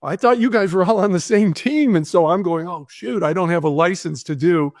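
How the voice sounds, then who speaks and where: A man in a podcast interview telling a long anecdote with animated energy, acting out the voices of people he quotes. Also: high voice, a little fast, no room sound, studio quality. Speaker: guest, filmmaker.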